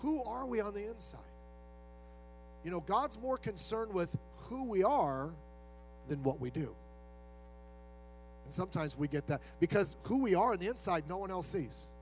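A man with a high voice delivers a sermon in a relaxed, conversational way and slips into the voices of the people he quotes. Soft music plays under him, and a mains hum sits in the background. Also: rough recording. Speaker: pastor.

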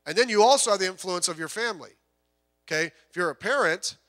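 A pastor preaches a sermon in a high-pitched, expressive voice, speaking quickly with a sharp tone. He keeps it conversational, putting questions to the congregation and acting out quotes. A long hall reverb hangs on the recording.

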